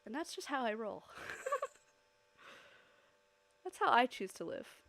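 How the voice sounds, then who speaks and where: A woman streaming live while she draws, chatting casually with her audience, giggling often and bursting into loud, excited squeals. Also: fairly high pitch, a little fast, dry recording.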